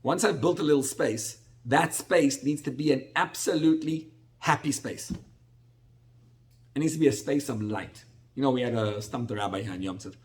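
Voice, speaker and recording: A middle-aged man teaches a Torah lesson in a loose, talky sermon style. His voice sits at an ordinary middle pitch. He circles back and restarts phrases, and he slips into acted-out bits of everyday dialogue. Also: normal speed. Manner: conversational, repetitive restarts, acts out salesman dialogue. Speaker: rabbi.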